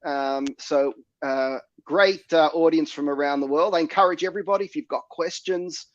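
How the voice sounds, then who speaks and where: A man with a raspy, somewhat high voice and a sore throat hosts a casual livestream. He speaks in a relaxed way, full of ums and uhs. His mic sounds dry and dull. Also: normal speed, dry recording. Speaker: host.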